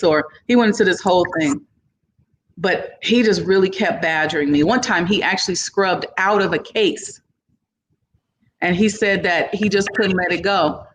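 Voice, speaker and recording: A woman's voice: on the low side, moderate pace, slight background noise. A businesswoman guest in an interview, casually telling a long story and acting out what people said to her, with informal phrasing. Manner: animated, acts out other people's lines in the story. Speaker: entrepreneur guest.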